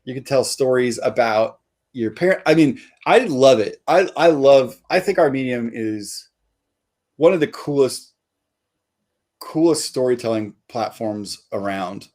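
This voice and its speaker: A man's voice: mid-range voice, animated, measured pace, a little mellow. A man, a comic artist guest, chatting casually in an interview and rambling with many fillers and restarts.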